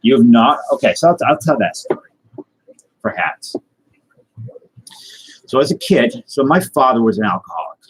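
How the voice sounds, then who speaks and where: A man telling a tall tale in a rambling, deadpan way, with many fillers and restarts. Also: medium pitch, normal speed, long pauses, noisy background. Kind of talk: casual tall-tale storytelling.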